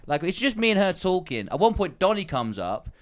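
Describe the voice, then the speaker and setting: Lively, smooth-voiced man spinning a story. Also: high-pitched, a little fast. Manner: animated storyteller, acts out quotes. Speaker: comedy podcast co-host. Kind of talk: casual storytelling chat. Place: podcast studio.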